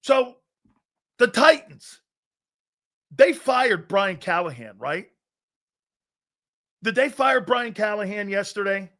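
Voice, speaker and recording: A man hosting a live football talk show, loud and blunt, laughing often and rambling through anecdotes with stop-start phrasing. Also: high-pitched, expressive, slow pace, long pauses. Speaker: sports talk show host.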